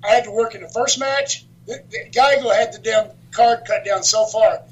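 A man being interviewed as a guest, telling wrestling road stories in a lively way, laughing often and swearing freely. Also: high voice, moderate pace, muffled recording. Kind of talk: casual storytelling interview.

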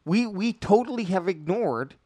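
A young man from Canada with a slightly high voice, rambling through his points and restarting sentences. The sound is dry and close-miked. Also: animated, normal speed, warm tone, no echo. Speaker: podcast co-host. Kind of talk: casual chat.

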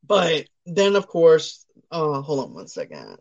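A man's voice: on the high side, huge pitch swings, measured pace, vocal fry, highs cut off. A man hosting a casual podcast, retelling movie scenes and reading out listener comments. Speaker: podcast host. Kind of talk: casual chat about a movie.

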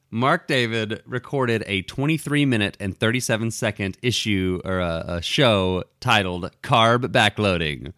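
A man's voice: on the low side, animated, unhurried, hardly any pauses, bright, forceful tone, no echo. Rambling male podcast co-host, dry sound. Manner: rambling, many fillers and restarts. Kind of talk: casual chat.

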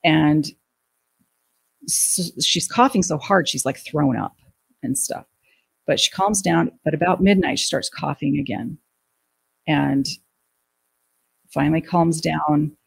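A middle-aged woman telling an emotional personal story in an interview, halting and restarting her sentences. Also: deep voice, vocal fry, breathy edge, low-quality recording. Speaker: guest recounting a family death.

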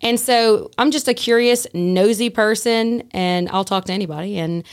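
A woman guest on a podcast, telling a story in a casual, animated way and acting out the dialogue. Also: mid-range voice, normal speed. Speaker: guest, former prison staff.

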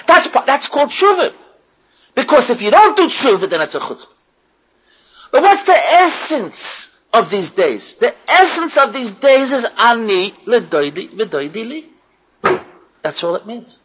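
A woman's voice: a little high, big pitch swings, a little slow, slightly rough, low-quality recording. A woman giving an impassioned religious lecture to women, repeating phrases and putting questions to her listeners. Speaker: religious teacher.

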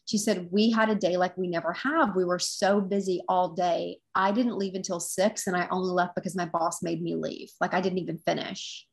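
A woman's voice: on the low side, steady tone, moderate pace, gravelly, few pauses. A woman guest who teaches intuitive development, telling a story in an earnest, reflective casual chat.

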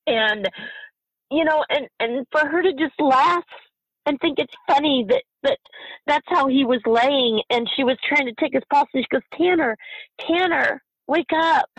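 A middle-aged mother who has lost a child is a guest in an emotional interview, speaking passionately but haltingly, repeating herself and at times near tears. Her voice is high and a bit bright, with no room sound and poor audio.

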